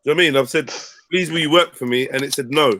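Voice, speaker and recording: Lively South London man on a headset. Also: on the high side, very fast. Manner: loud, animated banter, swearing. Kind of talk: casual livestream chat.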